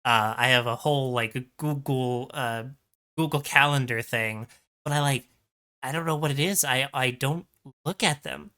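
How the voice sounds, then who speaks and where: A man's voice: medium pitch, normal speed, sharp tone. A man co-hosting a podcast, chatting casually in a self-deprecating way and laughing often. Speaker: podcast co-host. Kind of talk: casual chat.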